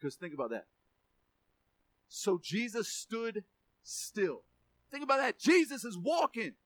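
Male pastor, very high bright voice, emphatic preaching, repeats words, calls for amens. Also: very animated, unhurried, pauses often, no room sound. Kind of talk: sermon.

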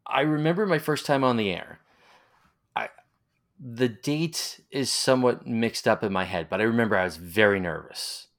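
A man's voice: mid-range voice, expressive, normal speed. A man in his forties with a Long Island accent, rambling as he tells nostalgic stories in a casual interview. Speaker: interviewee, former college radio announcer.

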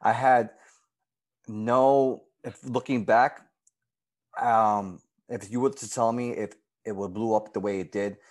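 A man in the guest's seat recounts his time coaching a girls' softball team. He speaks earnestly and with feeling, and his pitch leaps when he relives key moments. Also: slow. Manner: earnest and emotional, lively pitch swings when retelling moments. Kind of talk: personal storytelling in an interview.

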